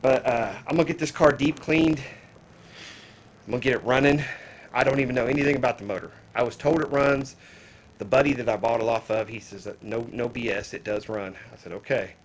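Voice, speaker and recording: A man's voice: mid-range voice, brisk, slight background noise, poor audio. Breathless man rambling about a car. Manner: rambling, plain-spoken, addresses viewers as guys. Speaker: car audio vlogger. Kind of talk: casual walkaround vlog. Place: outdoors around a parked car.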